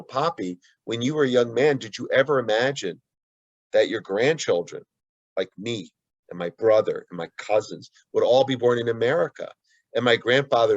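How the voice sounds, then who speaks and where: A man's voice: medium pitch, vocal fry, no room sound, highs cut off. A man being interviewed as an author, answering earnestly with frequent restarts and asides. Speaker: guest author.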